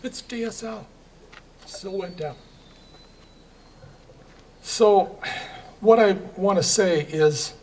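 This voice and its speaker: A man's voice: on the high side, darkish tone. An older man who owns a local business, speaking plainly from notes at a civic event, with wry asides. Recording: distant mic with faint background noise.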